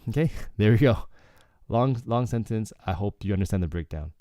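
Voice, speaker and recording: Male Korean tutor, deep and warm, laid-back explainer who keeps saying "okay". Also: moderate pace, no echo, studio quality. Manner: relaxed, explanatory, frequent "okay" and "like". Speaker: Korean language teacher. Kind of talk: casual lyrics breakdown lesson.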